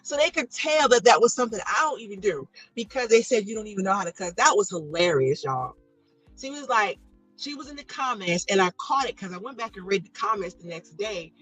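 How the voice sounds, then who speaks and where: A bright, clear-toned middle-aged woman talking casually to her live chat audience. She laughs easily and enunciates each syllable, with soft music playing faintly behind her. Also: medium pitch, expressive, fairly quick, rough recording. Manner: chatty, laughing, pronounces every syllable. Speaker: livestream host reading chat.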